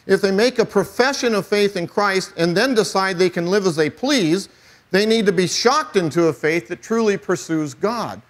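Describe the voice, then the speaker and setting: A man's voice: sits high, normal speed. A middle-aged man preaching a sermon as pastor, emphatic, with wry asides.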